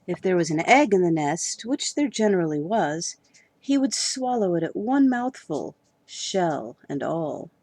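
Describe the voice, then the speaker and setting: A woman's voice: fairly low pitch, big pitch swings, measured pace, darkish tone, no echo. Woman reading a children's story.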